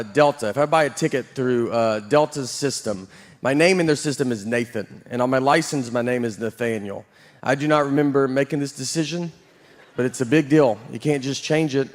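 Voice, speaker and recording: A man performing a stand-up comedy set, telling stories in a deadpan, self-deprecating way. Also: mid-range voice, moderate pace, long reverb tail. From Southern United States.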